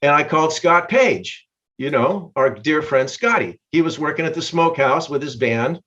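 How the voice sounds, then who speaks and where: Older man telling a lively road story. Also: a little high, moderate pace. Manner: lively storyteller, laughs mid-sentence. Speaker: guest musician. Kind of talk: casual storytelling interview. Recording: dull lo-fi sound.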